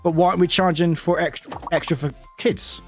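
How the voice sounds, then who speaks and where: A man's voice: on the high side, fairly even intonation, brisk, soft background music. A man streaming a game and chatting casually with his viewers, rambling along, laughing often and swearing freely. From United Kingdom. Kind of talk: casual chat with viewers while gaming.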